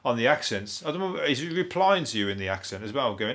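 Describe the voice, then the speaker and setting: A man with a Birmingham accent rambles through a comedic review of the news, swearing freely and laughing at his own jokes. His voice sits at an everyday middle pitch. Now and then he slips into quick silly impressions. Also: sing-song, a bit bright. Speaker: comedian host.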